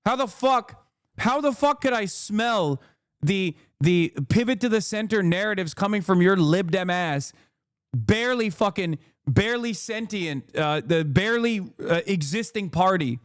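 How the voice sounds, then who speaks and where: A man's voice: high-pitched, animated, unhurried, smooth, no echo, studio quality. An American man giving heated, profane and sarcastic commentary while reacting to clips. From United States. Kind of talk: ranting commentary.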